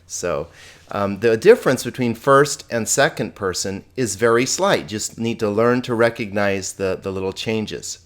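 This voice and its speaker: Man, teacher delivering a recorded lesson; friendly and patient, repeats forms, asks the class questions. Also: on the low side. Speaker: Greek teacher.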